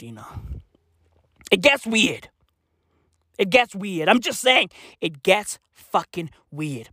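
A man from Africa rants in a comedic monologue, swearing freely and leaning on slang. His voice sits fairly high and swings widely in pitch, and he takes his time. The recording is dry and close. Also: very animated, slow, long pauses, sharp tone, no echo. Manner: profane, slang-heavy, emphatic, mocking. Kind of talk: comedic rant to camera.

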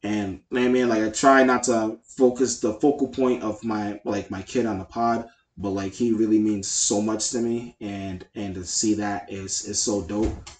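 A man's voice: lowish voice, steady tone, moderate pace. A man co-hosting a podcast in casual chat, speaking in a heartfelt, rambling way with lots of fillers. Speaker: podcast co-host. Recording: echoey room.

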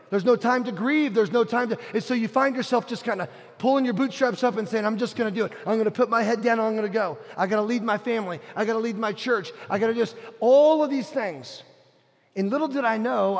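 A middle-aged man preaching a sermon, telling a personal story earnestly, dropping to a hush and rising to a shout. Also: high-pitched. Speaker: pastor. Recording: long hall reverb.

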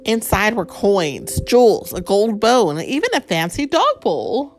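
A woman reading a picture book aloud to a child, gently explaining words and asking questions along the way. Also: mid-range voice, sing-song, a little slow, soft background music. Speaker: storyteller.

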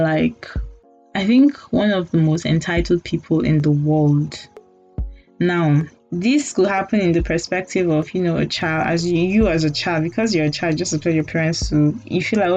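A woman's voice: fairly low pitch, darkish tone. A young Nigerian woman hosting a casual solo podcast, talking candidly and teasing her listeners with mock apologies and laughing asides. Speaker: podcast host. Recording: dull lo-fi audio with faint music.

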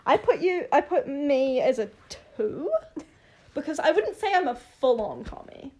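Young woman co-host, casual chat, lively high voice, laughs and swears easily. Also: unhurried. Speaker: podcast co-host.

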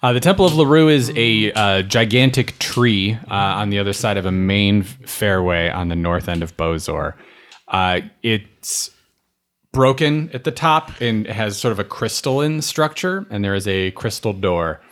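A man's voice: on the low side, a little slow. A man narrating as game master of a tabletop game, describing scenes at an easy pace with many fillers. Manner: relaxed, filler-heavy describing.

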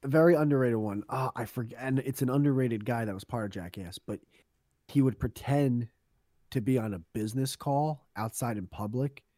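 A man's voice: medium pitch, moderate pace, warm tone, dry recording, studio quality. A young man co-hosting a casual podcast, telling rambling stories full of swearing and laughter. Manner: rambling storyteller, swears a lot, laughs often. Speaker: podcast co-host. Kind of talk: casual chat.

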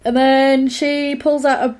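A woman's voice: high voice, level tone, unhurried, darkish tone. A woman in casual chat, wryly recapping a film with a chatty, easygoing delivery. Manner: chatty, wry, lots of fillers.

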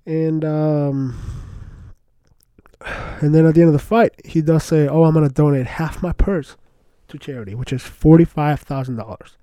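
Young male podcast host, casual rambling fan chatter, slightly raised pitch, very dark timbre. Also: moderate pace, clear, resonant tone, no echo. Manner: excited rambling slangy chatter, lots of "bro" and "like". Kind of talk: casual solo podcast talk.

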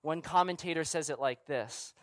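Pastor, man, middle-aged, chatty sermon delivery with rhetorical questions, slightly high voice, dry close sound. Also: normal speed, a bit bright, dry recording. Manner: conversational preaching with frequent rhetorical questions and asides.

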